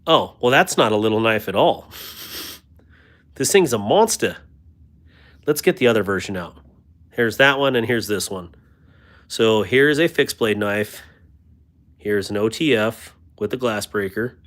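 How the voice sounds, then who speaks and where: A man with a lowish, expressive voice runs a relaxed knife livestream, talking a little slowly and leaving long pauses. He reads viewer comments, discusses knives and makes jokes about himself. His manner is chatty and self-deprecating, and he thanks viewers warmly.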